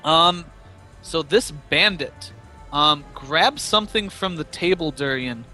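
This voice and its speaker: A man's voice: fairly high pitch, slow pace, sharp tone, soft background music. A man running a tabletop game as game master, describing scenes and rulings in an easygoing way with many fillers. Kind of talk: narrating a tabletop game over voice chat.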